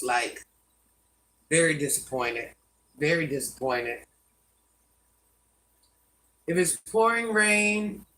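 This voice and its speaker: A woman's voice: lowish voice, pushed and bright, far from the mic, poor audio. An older woman hosting a live stream, scolding commenters by name and chatting with viewers. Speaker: livestream host.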